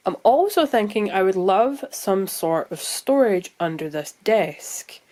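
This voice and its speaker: A woman with a Scottish accent chatting casually at home for her vlog, thinking out loud as she goes. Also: medium pitch, expressive, measured pace. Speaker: vlogger. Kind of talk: casual chat. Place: room at home.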